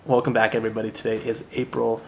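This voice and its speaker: A man's voice: on the low side, flat delivery, fast talker, gravelly, very noisy. A young man hosting his own podcast, chatting casually in a rambling, joking way with crude asides. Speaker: podcast host. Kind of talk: casual solo chat.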